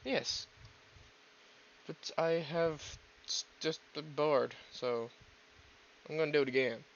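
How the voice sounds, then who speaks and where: Man, gaming commentary, gravelly fry, rambling, swears a lot, self-deprecating, dull lo-fi mic. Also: on the high side, slow pace, a little hiss or hum. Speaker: gaming video host. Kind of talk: casual gameplay commentary.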